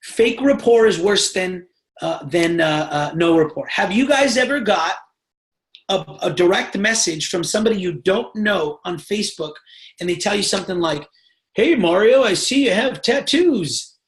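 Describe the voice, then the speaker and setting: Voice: medium pitch, moderate pace. Emphatic trainer on a roomy video call. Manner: emphatic, repeatedly checks in with the audience. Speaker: sales team trainer. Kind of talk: live online training call.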